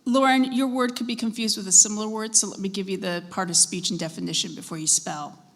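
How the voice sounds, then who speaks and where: A woman serving as pronouncer at a spelling bee, reading out words and dictionary definitions in a measured, deliberate way and prompting contestants politely. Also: mid-range voice, fairly even intonation. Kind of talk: formal competition announcing. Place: school event hall.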